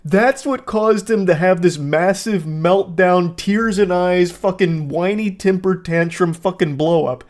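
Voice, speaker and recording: A man's voice: high-pitched, unhurried, few pauses. A man hosting comedic commentary, reading out text messages with sarcastic, dry, mocking asides. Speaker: host.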